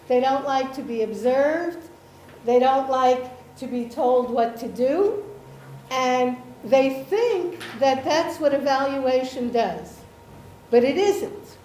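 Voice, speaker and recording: A woman from Israel presenting a workshop, explaining slowly with many pauses and ums and often checking in with her audience. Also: high-pitched, darkish tone, a little hiss or hum. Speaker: workshop presenter, association chair. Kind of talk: slow explanatory workshop talk. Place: lecture room. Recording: echoey room with faint ambience.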